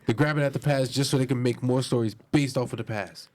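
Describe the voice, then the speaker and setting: A man's voice: mid-range voice, steady tone, fast talker, a little mellow. A man co-hosting a casual chat show, sarcastic and mocking as he keeps betting on his own point. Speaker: podcast co-host.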